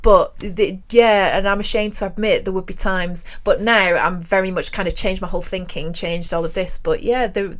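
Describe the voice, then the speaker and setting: Woman in her twenties, co-host, casual storyteller, quick laughs. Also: medium pitch, fairly even intonation. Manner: chatty storyteller, laughs often. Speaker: radio co-host. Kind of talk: casual chat.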